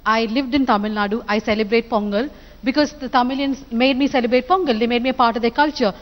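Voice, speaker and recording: A woman from Kerala answering on a panel, quick and earnest. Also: fairly high pitch, fairly even intonation, long reverb tail, lo-fi sound.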